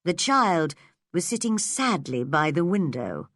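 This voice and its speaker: A woman reads a story aloud at a slow, unhurried pace, gentle and measured. Her pitch moves in a lively way, and the recording is close and dry with no room echo. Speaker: audiobook narrator. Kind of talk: scripted audiobook narration.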